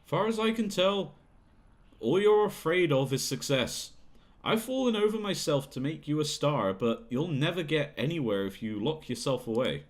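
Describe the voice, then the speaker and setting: A man's voice: a little high, very animated, moderate pace. A man voicing a manipulative, bullying male talent manager who talks down to a young singer, in a video game playthrough. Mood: sneering. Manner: condescending, bullying, sneering.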